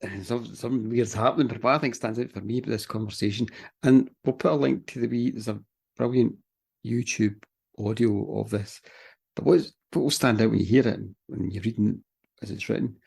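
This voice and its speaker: Gravelly man, relaxed podcast chat. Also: lowish voice, fairly quick. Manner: relaxed, wry, swears casually. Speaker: podcast co-host. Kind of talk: casual chat.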